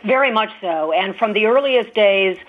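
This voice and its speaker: A woman's voice: medium pitch, animated, normal speed. A woman, a political correspondent, giving assured, informative analysis. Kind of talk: news analysis. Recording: tinny phone-like line.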